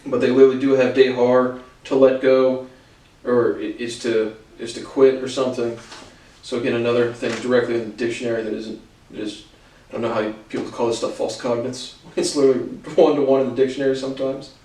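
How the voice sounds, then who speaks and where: Give me a man talking through word meanings in a relaxed lesson, thinking aloud, recorded in a roomy space. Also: medium pitch, a little fast, recorded from a distance. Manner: thinking aloud, reading dictionary entries with restarts. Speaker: language lesson host. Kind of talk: casual explanatory lesson.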